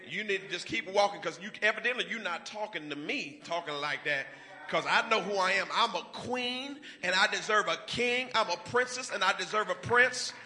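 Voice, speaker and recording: A man preaching a sermon to a congregation, swinging from quiet asides to loud, drawn-out declarations. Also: high-pitched. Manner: rising to loud, drawn-out preaching with call-and-response.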